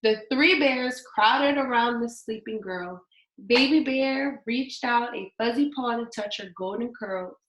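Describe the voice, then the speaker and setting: A woman reading a children's story aloud in an expressive, sing-song storytelling manner. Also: fairly high pitch, a little slow, roomy sound. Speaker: storybook reader.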